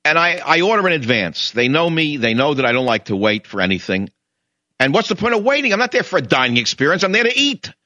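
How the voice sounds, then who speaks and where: An older man hosts a radio talk show with a bright, forceful voice, and his pitch swings widely as he rants. He mocks people and acts out their voices while he tells his story. The sound is dry and a little dull, like a radio studio. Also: dry recording. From New York. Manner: indignant, mocking, storytelling with mimicked voices. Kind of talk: ranting monologue.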